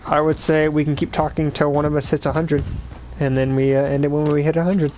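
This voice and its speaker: A young man hosting a casual podcast in a relaxed way, often filling his pauses with "um.". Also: fairly high pitch. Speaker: podcast host. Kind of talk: casual chat. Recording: noisy home recording.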